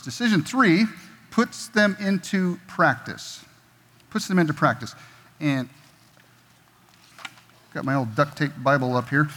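A middle-aged man preaching in a church, relaxed and jokey, now and then slipping into other people's voices. His voice sits a bit high for a man, and a long reverb trails his words through the hall. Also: slight background noise. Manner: conversational, jokey, acts out quoted voices. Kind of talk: sermon. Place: church sanctuary.

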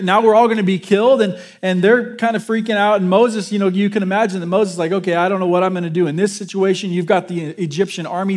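High-voiced man preaching a casual sermon. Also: darkish tone. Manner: conversational, jokes with the congregation, many restarts. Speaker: pastor.

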